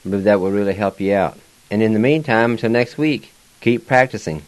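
A man's voice: lowish voice, a little fast, low-quality recording. A man teaching a language lesson on the radio, spelling words out letter by letter and pronouncing them with care.

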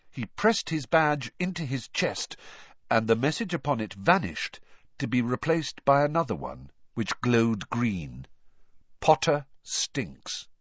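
A man narrating a story aloud with expressive, animated storytelling. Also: mid-range voice, no echo. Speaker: audiobook narrator. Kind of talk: scripted narration. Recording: dull dry lo-fi audio.

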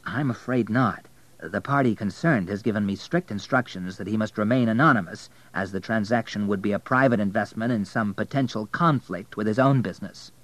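A man reading the part of a discreet bank manager, speaking in a formal, measured way. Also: lowish voice, fairly bright tone, no room sound, low-quality recording.

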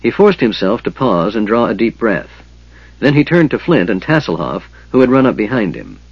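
A man reads fantasy narration in a steady, measured way. His voice is low and husky. The recording is dry and slightly dull. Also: no echo. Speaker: audiobook narrator.

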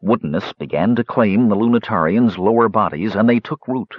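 A man narrating a fantasy audiobook in an expressive storytelling manner. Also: fairly low pitch, brisk, slightly rough, dry recording. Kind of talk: scripted narration. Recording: slightly dull lo-fi recording.

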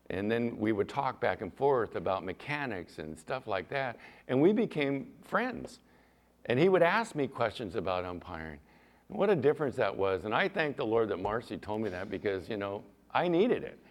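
A male pastor preaching a sermon in church, animated, rising to loud emphasis and dropping to soft asides. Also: on the low side, moderate pace.

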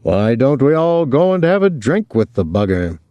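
A man's voice: mid-range voice, sing-song, normal speed, dark tone, no room sound, voice pushed up, lightly acted. A man reading an audiobook, voicing a restless young man who jokes breezily and talks a lot. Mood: breezy. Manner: breezy, joking, talkative. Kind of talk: audiobook character voice.

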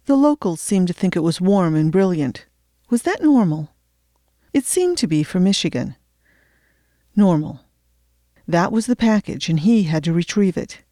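A woman narrating an audiobook in a steady, measured storytelling voice. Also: fairly low pitch, dry recording, clean studio sound.

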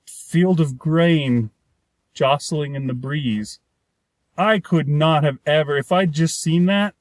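A man's voice: on the high side, no room sound. A man chatting casually about a film, rambling and restarting his sentences, often acting out the characters' lines. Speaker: podcast co-host. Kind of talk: casual movie review chat.

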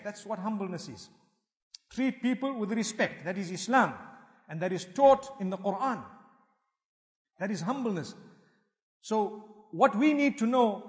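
A man giving a sermon as an Islamic preacher, animated and emphatic, weaving Arabic religious phrases into his English. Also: extremely high pitch. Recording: long hall reverb.

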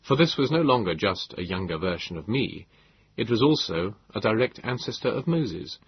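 Male audiobook narrator, husky, lowish voice, dry muffled lo-fi recording. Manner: measured, lively storytelling delivery. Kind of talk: first-person storytelling. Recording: dull lo-fi, dry.

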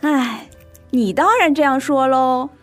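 A woman's voice: high-pitched, a little slow, soft background music. A woman voicing a fussy young female salon customer in a scripted lesson dialogue, doubtful and haggling over the price.

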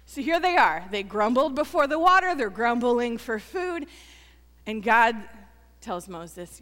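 A fairly high-voiced woman pastor delivers a sermon in a church, her voice trailing off into a long hall reverb. She talks earnestly to the congregation, pressing points with repetition and then easing down to a hushed, intimate tone. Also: big pitch swings, unhurried. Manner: earnest, building to emphatic repetition then dropping soft.

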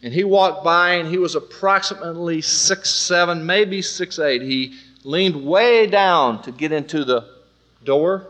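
A man tells a testimony in sermon style, animated and acting out the voices of other people. His voice is fairly high and bright. The delivery has a forceful edge. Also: a little slow. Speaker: preacher telling a testimony. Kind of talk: storytelling sermon.

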